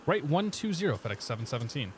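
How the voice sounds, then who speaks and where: On the high side and fast, this man's voice comes through over a noisy background. He's streaming a flight sim, chatting easily and reading back pilot radio calls, all in a roughly Midwestern accent carrying some Boston flair.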